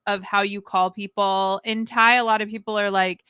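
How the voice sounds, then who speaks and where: A young woman co-hosting a casual podcast, curious and quick with short reactions. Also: medium pitch, little pitch movement, pushed and bright, smooth, dry recording. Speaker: podcast co-host.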